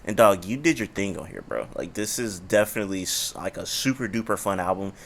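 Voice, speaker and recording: A man's voice: low-pitched, expressive, brisk, creaky. A man hosting a casual interview, upbeat and laughing often while hyping up his guest. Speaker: interview host.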